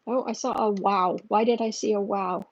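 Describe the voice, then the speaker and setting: A woman's voice: mid-range voice, steady tone, normal speed, very noisy. Blunt, opinionated woman tarot livestreamer. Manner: blunt, opinionated, rambling with restarts. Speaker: tarot reader and channel host. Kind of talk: livestream reading viewer questions. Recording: dull lo-fi audio.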